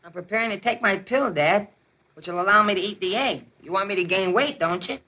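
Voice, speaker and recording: A fussy, hypochondriac teenage son stammers out polite excuses. The tone is bright and thin, and the sound is dull, like an early 1950s film soundtrack. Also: male voice, sits high, brisk. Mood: timid, fussy. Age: young adult. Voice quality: nervous stammer, prim and polite. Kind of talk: 1950s film comedy acting.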